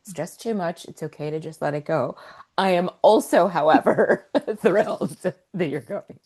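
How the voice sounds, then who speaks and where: A woman co-hosting a podcast, excitable and supportive, laughing often in casual chat. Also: lowish voice, moderate pace. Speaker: podcast co-host.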